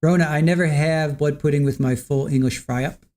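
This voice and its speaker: Chatty livestream host, mellow voice. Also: mid-range voice, brisk. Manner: relaxed, chatty, chuckles between comments. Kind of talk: casual chat reading viewer comments.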